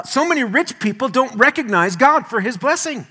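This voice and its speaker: A male pastor preaching a sermon, telling stories in a folksy, animated way with homely asides. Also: very high voice, moderate pace.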